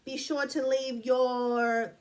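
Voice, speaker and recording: A woman's voice: sits high, little pitch movement, takes it slowly. Sweary chatty woman vlogger. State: sniffly. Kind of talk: casual rambling chat to camera.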